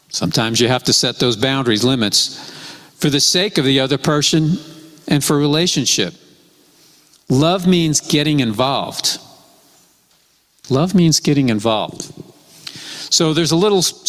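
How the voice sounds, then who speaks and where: A man preaching a sermon in a measured way, repeating his key phrases. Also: mid-range voice, fairly bright tone. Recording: long hall reverb.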